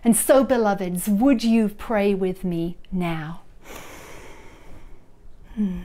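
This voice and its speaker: A woman minister preaching a sermon, expressive, moving between emphatic peaks and hushed tones, and leading the listeners in repeated affirmations. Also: mid-range voice, slow, pauses often. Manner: leads the congregation in repeated affirmations. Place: church, recorded for online service.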